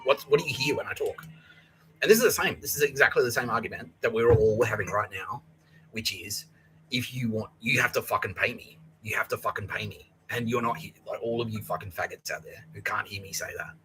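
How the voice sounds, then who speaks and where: A man's voice: lowish voice, a little fast, background noise. A man hosting a podcast, telling a story in a rambling way, swearing heavily and using many fillers. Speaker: podcast host. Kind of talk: casual storytelling.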